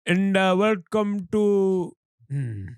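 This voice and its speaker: A man's voice: high-pitched, expressive, very slow, a little mellow, clear, resonant tone, no room sound, clean studio sound. A man co-hosting a comedy podcast, goofy and self-mocking. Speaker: podcast co-host. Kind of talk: casual chat.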